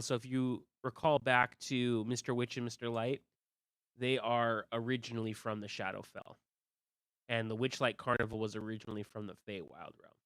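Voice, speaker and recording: Game master, casual tabletop narration, bright crisp voice, dry close recording. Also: mid-range voice, no echo. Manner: relaxed, explanatory, loose.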